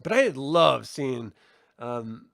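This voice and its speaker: A man giving a casual review of a TV episode, excitable and gushing, swearing freely and filling his talk with "like". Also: mid-range voice, takes it slowly, gravelly, no echo. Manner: excitable, swears, many "like" fillers. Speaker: TV series reviewer. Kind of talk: casual video review commentary.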